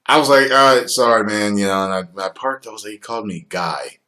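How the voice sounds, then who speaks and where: A man in his forties from the United States, chatting casually on a livestream as host, profane and quick to laugh. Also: lowish voice, lively intonation. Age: 40s. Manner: profane, laughs often, swings loud and soft.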